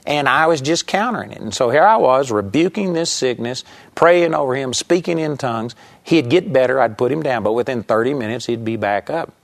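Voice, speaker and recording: A male preacher earnestly tells his testimony to a congregation. His voice sits at an ordinary middle pitch, and he quickens and slows his pace as the story builds. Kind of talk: sermon testimony.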